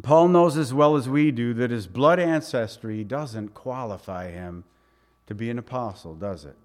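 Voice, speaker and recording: Male pastor, mid-pitched, emphatic sermon delivery with quiet asides. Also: normal speed. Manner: emphatic, swings from loud stress to quiet asides. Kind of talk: expository sermon.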